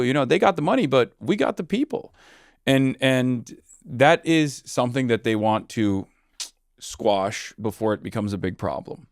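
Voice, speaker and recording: Brief: male guest, mid pitch, argumentative political talk, dry close mic, long winding sentences. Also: creaky, dry recording. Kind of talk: political commentary in conversation.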